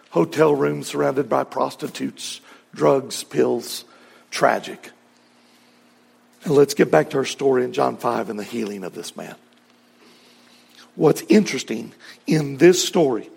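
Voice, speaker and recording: Gravelly high-voiced pastor preaching. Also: male voice, darkish tone, big-room sound. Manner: earnest, rising to emphatic peaks. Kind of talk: sermon.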